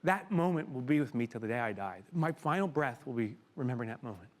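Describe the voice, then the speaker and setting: Middle-aged male keynote speaker, lively pitch, emotional storyteller with loud outbursts, before a live room. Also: fast. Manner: animated, emotional storyteller who bursts into loud exclamations. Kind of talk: live storytelling talk to an audience.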